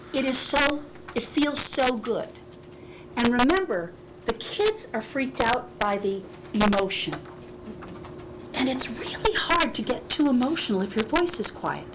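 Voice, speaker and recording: Animated woman leading a parenting workshop. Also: on the high side. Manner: animated, laughing, acts out dialogues. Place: school workshop room. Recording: heavy hiss with clicks, 2000s local TV.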